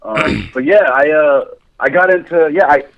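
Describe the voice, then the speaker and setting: A man's voice: a little high, animated, normal speed, vocal fry. A man guest chatting candidly on a podcast, telling stories with frequent laughs. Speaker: guest, motion capture director. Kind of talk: casual podcast chat. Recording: tinny phone-like line.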